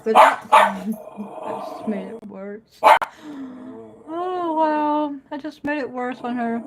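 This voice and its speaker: A woman's voice: a little high, slow, heavy background noise. A woman chatting casually on a phone livestream at home, talking to viewers and scolding her dog in between. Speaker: puzzle live streamer.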